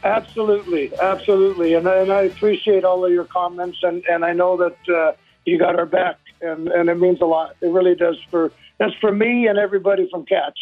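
A man's voice: high-pitched, level tone, a little fast, soft background music. A man calling in by phone, telling stories in a hesitant, rambling way with many fillers. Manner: hesitant, warm, rambling storyteller. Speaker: guest on the phone. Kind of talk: casual phone interview. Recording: tinny phone line.

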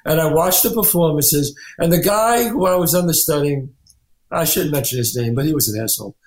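A man, an actor and writer, telling animated anecdotes in an interview, acting out the people he quotes. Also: fairly high pitch, brisk, echoey room. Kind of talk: storytelling interview.

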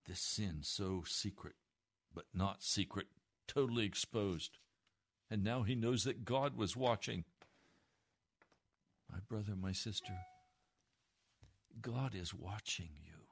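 A man preaching a sermon, moving from hushed, slow phrases to impassioned pleading. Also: fairly low pitch, vocal fry, breathy edge.

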